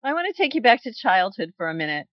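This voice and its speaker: A woman hosting a radio arts interview, her voice a little high. She asks curious, meandering questions, padding them with fillers. The studio sound is dry and a little dull. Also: very animated, fast talker, no echo. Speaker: radio show host.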